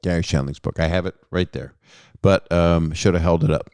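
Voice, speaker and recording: A man with a lowish, smooth and resonant voice, hosting a relaxed podcast chat. He rambles through anecdotes and pokes fun at himself as he goes. The sound is close and dry, with no room around it. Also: normal speed, dry recording. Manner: rambling, self-deprecating storytelling. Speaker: podcast host. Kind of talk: casual conversation.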